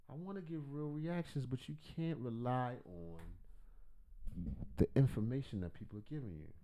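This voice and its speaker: A man's voice: medium pitch, normal speed. A man hosting a livestream, reacting to videos with rambling, profane, joking commentary. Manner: profane, rambling, jokey, loud swings in volume.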